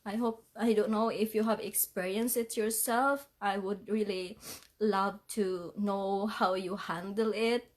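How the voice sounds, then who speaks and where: Woman crying on a livestream, keeps saying sorry, halting speech, shaky teary voice. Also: mid-range voice, steady tone. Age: adult parent. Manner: apologetic, halting, laughing through tears. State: crying, tearful. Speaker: vlogger. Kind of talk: emotional livestream vlog.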